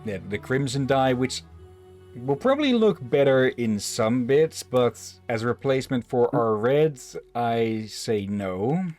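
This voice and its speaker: A man's voice: mid-range voice, expressive, a little slow, a little mellow, faint music behind. A man casually chatting with friends while streaming a game, reading its text aloud and swearing now and then. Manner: rambling, swears casually, many fillers.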